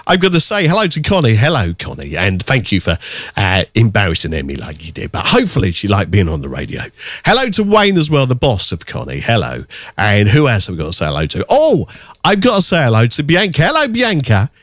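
A man working as a radio DJ, chatting casually and teasing listeners as he sends out shout-outs from a studio microphone. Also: lowish voice, huge pitch swings, a little fast, no echo. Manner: jokey, teasing, rambling.

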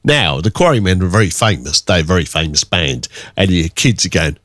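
A man's voice: a little fast, no echo, studio quality. A man presenting a radio music show in a chatty, self-deprecating way. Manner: chatty, self-deprecating, lively swoops in pitch.

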